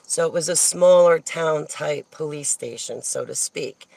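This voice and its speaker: A woman's voice: sits low, a little slow, creaky, mellow, dry recording, rough recording. A woman from New Jersey telling a rambling personal story in a casual monologue, digressing often and laughing as she goes.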